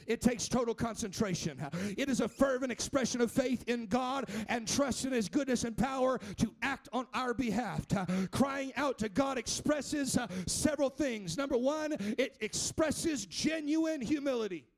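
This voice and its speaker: A man preaching a fervent sermon, often shouting and chanting, with frequent "uh" and "amen". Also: very high-pitched, normal speed, creaky, hardly any pauses.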